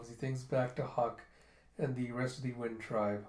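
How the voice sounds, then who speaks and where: A man's voice: mid-range voice, steady tone, normal speed, darkish tone, reverberant. A man casually retelling a comic in a loose, chatty way, full of "he's like," at home. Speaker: manga reviewer. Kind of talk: casual read-through narration.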